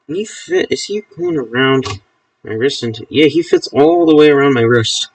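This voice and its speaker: A man's voice: medium pitch, animated, moderate pace, no room sound, recorded from a distance. A man chatting casually on a live stream, amused, talking to his pet snake as he handles it.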